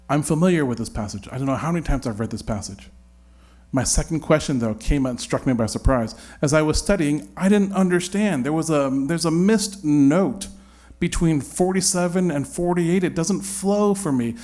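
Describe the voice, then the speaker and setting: A man's voice: fairly high pitch, normal speed, a little mellow. A man leading a Bible study, talking it through in a searching, conversational way with frequent restarts.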